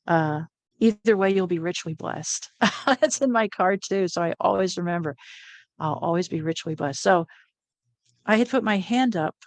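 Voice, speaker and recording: A middle-aged woman, an interview guest, telling a personal story in a lively way, often laughing and acting out what people said. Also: on the low side, no echo. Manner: animated, laughs often, acts out quoted lines.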